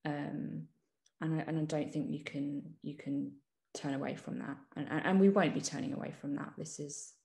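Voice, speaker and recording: In a relaxed, reflective interview, a woman journalist appearing as a guest talks through her views in a low, gravelly voice. She's thoughtful, pausing often with ums and restarting sentences as she thinks. A roomy echo colors the sound.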